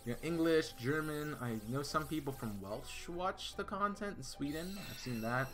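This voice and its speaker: This streamer has a bright, forceful, fairly high-pitched male voice and talks expressively at normal speed in casual live-stream chat while he games. He rambles through stories and replies to viewers, tripping over fillers and restarts, with faint music underneath.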